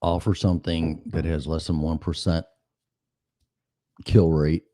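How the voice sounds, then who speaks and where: A man's voice: a bass voice, measured pace, no room sound. A middle-aged man hosting a talk show, telling stories casually, with profanity and acted-out dialogue. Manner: animated, profane, acts out dialogue. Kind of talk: casual chat, anecdotal storytelling.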